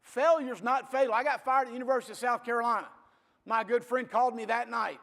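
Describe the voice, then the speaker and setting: A man's voice: extremely high pitch, fairly even intonation, quick pace, creaky, fairly bright tone. A man, a football coach giving a blunt, folksy motivational speech to an audience. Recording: reverberant hall.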